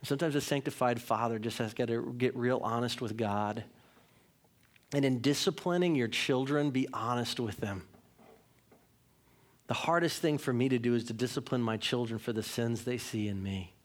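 Pastor in his thirties, frank conversational sermon style, medium-pitched male voice, pokes fun at himself. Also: moderate pace. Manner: conversational, candid storytelling with self-mocking humor.

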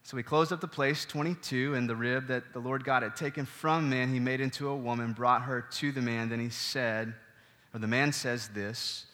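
A pastor preaches a sermon, teaching through scripture and animatedly putting questions to the congregation. His voice is medium-pitched at a moderate pace, with a long reverb tail.

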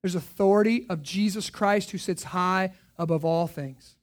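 Pastor guy preaching, high voice, goes quiet then loud, lots of questions. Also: a little slow. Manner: emphatic preaching, rhetorical questions, swings from hushed to loud. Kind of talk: sermon.

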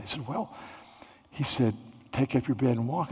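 Male pastor, husky mid-pitched voice, earnest storyteller who builds to excited bursts, long hall reverb. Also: normal speed, pauses often. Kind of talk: sermon.

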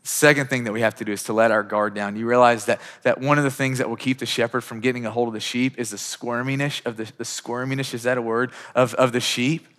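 A man's voice: mid-range voice, fairly even intonation, fast talker, few pauses, fairly bright tone. A man in his thirties preaching a sermon as pastor, emphatic and full of rhetorical questions. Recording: long hall reverb.

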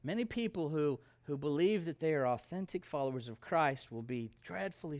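A middle-aged male pastor delivers a sermon in an emphatic, conversational way, mixing humor into his points. His voice sits a little higher than most men's. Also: lively intonation, normal speed, few pauses, darkish tone.

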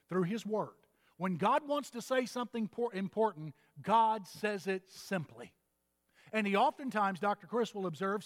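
Older male pastor from Texas, folksy storyteller, high voice, echoing hall. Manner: folksy storytelling preacher, humorous asides. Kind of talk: sermon. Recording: reverberant hall.

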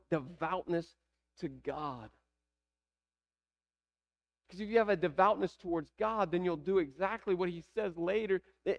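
A man's voice: high-pitched, gravelly, highs cut off. A man with a Southern American accent preaching a sermon, asking the congregation rhetorical questions. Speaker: pastor.

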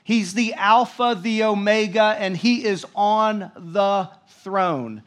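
Male preacher, high voice, slow and emphatic, reads scripture then comments. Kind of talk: sermon.

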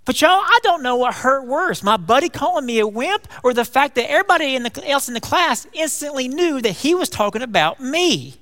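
A man preaching a folksy, animated sermon, calling his congregation y'all. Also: very high-pitched, fairly quick, few pauses. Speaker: pastor. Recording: long hall reverb.

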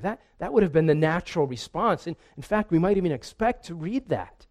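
A man's voice: fairly high pitch, animated, brisk, a little mellow. A man preaching a sermon in an earnest way, often repeating a word as he restarts. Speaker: pastor.

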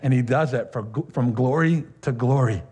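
A man preaching a sermon as pastor, talking conversationally with laughs, fillers and quick asides. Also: mid-range voice, warm tone, slightly rough.

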